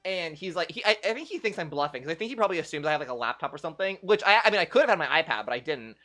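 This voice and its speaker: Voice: mid-range voice, animated, very fast, sharp tone. A young adult game streamer chatting casually with viewers on a livestream, telling a rambling story full of "like" fillers.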